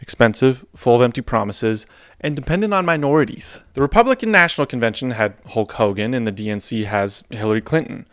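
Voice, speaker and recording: A man hosting a comedy show, delivering a scripted satirical monologue in a deadpan, mocking way. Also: mid-range voice, brisk, no room sound, clean studio sound.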